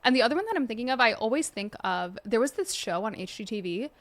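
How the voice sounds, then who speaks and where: A woman's voice: fairly high pitch, sing-song. A woman hosting a podcast in casual, enthusiastic chat. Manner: enthusiastic, quick, chatty. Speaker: podcast host.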